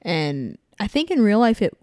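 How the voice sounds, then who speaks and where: A woman chatting casually as a podcast co-host, relaxed, with loose, halting phrasing. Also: mid-range voice, no echo, clean studio sound. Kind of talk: casual chat.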